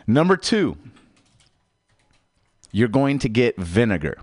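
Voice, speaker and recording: Low-voiced man doing a dry sales-pitch rant. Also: sing-song, a little slow, long pauses, dry recording. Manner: salesman-like pitch with big swooping emphasis. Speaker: radio show host. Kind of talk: mock infomercial comedy rant. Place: radio studio.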